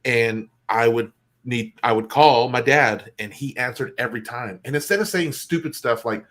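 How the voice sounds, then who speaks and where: A man's voice: mid-range voice, normal speed, fairly bright tone. A middle-aged man co-hosting a casual chat show, telling personal stories earnestly with many fillers. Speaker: co-host.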